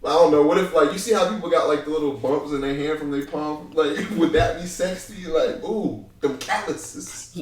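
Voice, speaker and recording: A man's voice: on the high side, steady tone, fairly quick, hardly any pauses, recorded from a distance. A man co-hosting a casual podcast, joking and laughing and teasing his partner. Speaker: co-host. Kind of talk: casual chat. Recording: roomy, off-mic.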